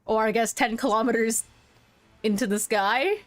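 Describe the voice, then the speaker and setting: A woman's voice: on the high side, steady tone, normal speed. Chatty woman streamer reading a game story. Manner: chatty, reads narration aloud and reacts.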